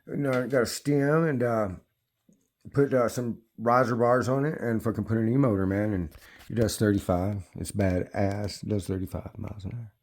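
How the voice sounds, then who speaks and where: A man's voice: on the low side, steady tone, normal speed, darkish tone. Middle-aged male e-biker, loose and foul-mouthed, rambles and stumbles over his words. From United States. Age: 50s. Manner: profane, rambling, restarts often. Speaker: e-bike vlogger. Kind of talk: casual rambling talk to camera. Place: at home near his bikes.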